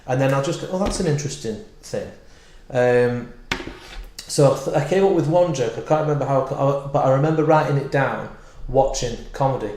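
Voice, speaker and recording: A man's voice: medium pitch, brisk, a little mellow. A man who is a comedian, chatting loosely as a podcast guest, rambling and restarting his thoughts. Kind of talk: casual podcast chat. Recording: roomy echoey room.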